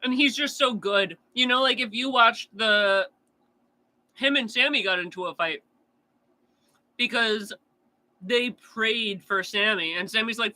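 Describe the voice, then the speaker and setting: A man's voice: sits high, measured pace, pauses often, bright, forceful tone, low-quality recording. A man chatting casually on a true crime stream, answering chat in a blunt, profane rant.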